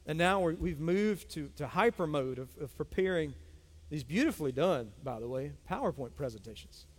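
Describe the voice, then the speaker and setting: A middle-aged pastor with a fairly high, expressive voice preaches at a moderate pace, emphatic and repetitive, calling out to his congregation. He is in a church sanctuary, and the recording has a long hall reverb.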